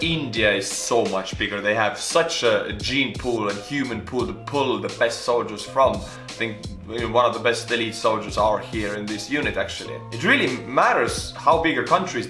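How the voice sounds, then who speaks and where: A man in his twenties from Estonia, hosting a casual, playful reaction video with jokey shout-outs. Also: mid-range voice. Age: 20s. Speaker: YouTube host reacting to a video. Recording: roomy echo with faint music.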